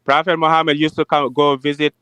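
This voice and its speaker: A man's voice: fairly high pitch, level tone, bright, forceful tone, clear, resonant tone, no room sound, poor audio. A man in his forties calling in to a debate show, speaking hesitantly with many restarts. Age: 40s. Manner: hesitant, halting with fillers. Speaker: caller. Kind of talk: call-in debate.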